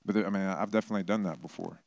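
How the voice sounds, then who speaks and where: A middle-aged pastor delivers his sermon in a loose, conversational manner, slipping into quick impressions for the stories he tells. His voice sits on the low side. The sound is dry and close to the mic. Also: vocal fry, darkish tone, dry recording. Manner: conversational, acts out quoted voices, self-deprecating humor.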